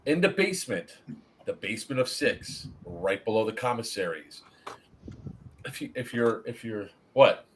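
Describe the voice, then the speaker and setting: A man's voice: on the low side, moderate pace, slight background noise. A man hosting a casual review stream, telling stories with lots of swearing. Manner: animated, swears freely, storytelling.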